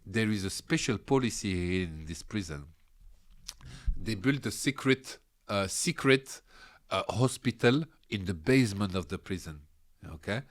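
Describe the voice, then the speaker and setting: A man's voice: expressive, a little slow. French-accented man telling a rowdy story. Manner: laughs often while telling the story, swears freely; acts out other people's lines in a higher voice. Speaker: podcast guest. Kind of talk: animated storytelling.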